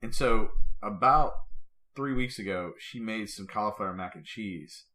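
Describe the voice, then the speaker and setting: A man's voice: lowish voice, moderate pace. A man co-hosting a podcast in casual chat, telling stories and acting out the lines of others. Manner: animated storyteller, acts out quotes. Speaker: podcast co-host.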